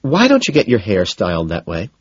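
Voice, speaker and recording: A man's voice: on the low side, wildly swooping pitch, husky, no room sound, muffled recording, exaggerated voice. A man reading an audiobook voices a chatty, exasperated wealthy young woman who scolds and gossips. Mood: scolding. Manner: gossipy, scolding, quick to dismiss.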